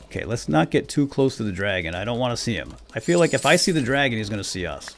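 Lively man narrating gameplay, soft music. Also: mid-range voice, quick pace. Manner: excitable, swings from loud outbursts to hushed whispers. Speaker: let's play host. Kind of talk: gameplay commentary.

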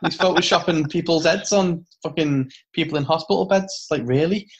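Sweary ranting podcast host. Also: male voice, on the high side, moderate pace. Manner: sweary, ranting, laughs often. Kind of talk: casual wrestling review chat.

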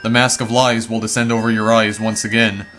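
A man reading the lines of a mysterious male voice from a dream in a video game, slowly and solemnly. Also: lowish voice, little pitch movement, a bit bright, faint music behind, close to an everyday voice. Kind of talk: reading game text aloud.

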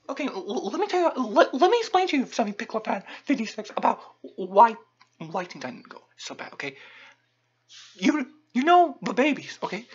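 A woman's voice: a little high, sing-song, a little fast, husky. A woman host delivering a profane comic rant, angry and stammering, tacking on "okay?" after nearly every phrase. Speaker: channel host. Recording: dull lo-fi recording.

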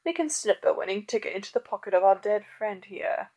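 A woman voicing a smug, scheming gentleman villain who talks with haughty relish and a menacing edge. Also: mid-range voice, expressive, fairly quick, creaky, slight background noise.

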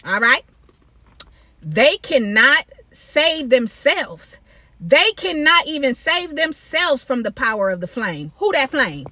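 Bright, animated woman preaching. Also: sits high, normal speed, hardly any pauses, dry recording. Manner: animated, preachy, addresses viewers as baby and y'all. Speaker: faith video creator. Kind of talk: casual Bible-study talk to camera. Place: outdoors in sunlight.

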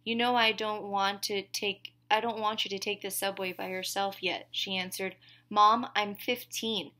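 Woman reading a story out loud, pretty flat and even, only small shifts for the other characters. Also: medium pitch, normal speed. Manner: reads dialogue with small shifts for each character, no big voices. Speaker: audiobook reader. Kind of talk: scripted first-person narration.

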